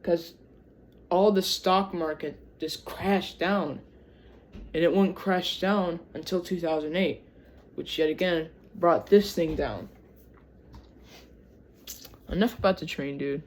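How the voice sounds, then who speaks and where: A channel host from Michigan, with a Michigan accent, reads history aloud and drifts into chatty asides, often stumbling over words. The voice is medium-pitched, steady and slow, with slight background noise.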